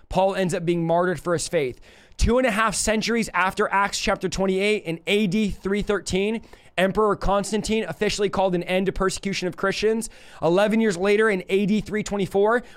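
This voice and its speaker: Earnest, smooth-voiced male Bible teacher. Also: high voice. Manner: earnest, reads scripture aloud, grows emotional.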